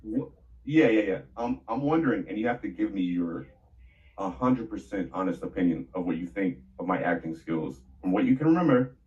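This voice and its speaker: Man, 30s, podcast interviewer, low voice, animated pitch, joking and teasing, lo-fi screen-recorded sound. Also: a little fast. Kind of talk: casual interview.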